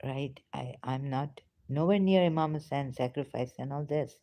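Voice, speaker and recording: A woman's voice: rumbling low, normal speed, dark tone, dry recording. A woman giving an emotional, passionate, pleading monologue to her viewers, now and then dropping into a whisper. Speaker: ex-religious vlogger. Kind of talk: impassioned spoken monologue.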